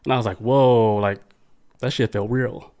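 A man's voice: mid-range voice, fairly even intonation, normal speed, a little mellow. A man co-hosting a podcast, telling a story in loose, profane casual chat and reading out listener comments. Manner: loose, profane storytelling with many "I was like" quotes; reads listener comments aloud. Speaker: podcast co-host.

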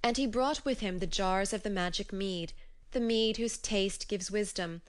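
Smooth-voiced woman reading myths aloud. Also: medium pitch, measured pace. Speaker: audiobook narrator. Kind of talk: scripted storybook narration.

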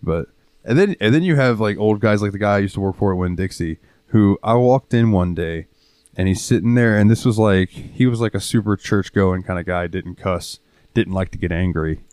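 A man's voice: on the low side, normal speed, a little mellow, clear, resonant tone, dry recording, studio quality. A young man co-hosting a casual podcast, telling stories with plenty of swearing and laughter. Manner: storytelling, swears freely, laughs often. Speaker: podcast co-host. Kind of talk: casual chat.

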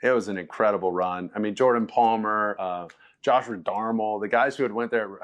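A man, a former quarterback, telling stories as a guest in a relaxed, laughing way. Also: lowish voice, normal speed, dull audio. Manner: loose and laughing, quotes people in lively voices. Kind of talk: casual storytelling interview.

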